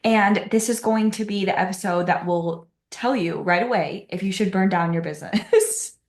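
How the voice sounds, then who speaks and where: A woman's voice: medium pitch, moderate pace. A young woman hosting her own podcast, talking candidly and confessionally with frequent "like" fillers. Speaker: podcast host. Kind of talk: casual solo podcast talk. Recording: roomy echo.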